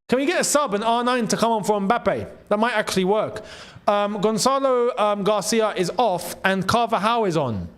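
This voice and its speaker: A young man hosting a casual live football watchalong, excitable and bantering, laughing often. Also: sits high. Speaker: football channel host.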